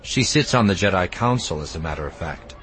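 A narrator giving a level-headed Jedi man his own low voice, quiet and measured, for a storybook. Nothing is pushed; the lines come out even and restrained. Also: a little hiss or hum. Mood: calm. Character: calm, measured male Jedi hero.

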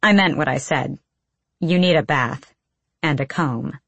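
A woman reading the lines of a blunt, teasing, sharp-eyed clan girl in an audiobook. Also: low voice, measured pace, gravelly, slightly rough, no room sound, full character voice.

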